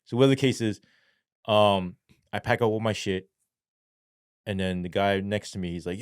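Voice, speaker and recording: A man's voice: fairly low pitch, moderate pace, pauses often, clear, resonant tone, no echo, clean studio sound. A man telling a story as a podcast guest in a casual, profane, slangy way, rambling with lots of fillers. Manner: animated, acts out quoted voices.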